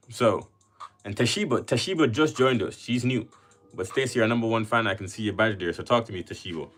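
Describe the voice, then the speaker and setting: A Jamaican man with a fairly low voice hosts a relaxed livestream, talking loosely and greeting viewers by name as their comments come in. Soft music plays faintly behind him. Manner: chatty, greets and reads viewer comments aloud. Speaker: livestream host. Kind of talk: casual livestream chat.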